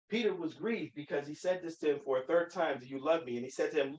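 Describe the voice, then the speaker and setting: High-voiced man teaching scripture, echoey. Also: expressive, fast talker, hardly any pauses, fairly bright tone, distant mic, highs cut off. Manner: emphatic, with many restarts and fillers. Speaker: Bible teacher. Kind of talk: teaching sermon.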